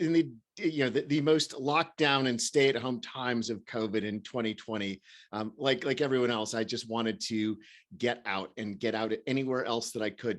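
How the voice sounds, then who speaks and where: A man co-hosting a casual podcast who talks in long rambling stretches, chuckling often. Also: medium pitch. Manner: rambling, chuckling, many fillers and restarts. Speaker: podcast co-host. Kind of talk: casual chat.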